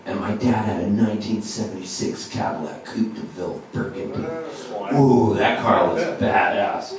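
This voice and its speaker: Male folk singer, 50s, onstage storyteller, self-mocking and animated; very echoey, distant live recording. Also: fairly low pitch, moderate pace, a crowd in the background. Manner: animated, self-mocking, laughing at his own jokes. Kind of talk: onstage storytelling between songs. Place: live music venue. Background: guitar.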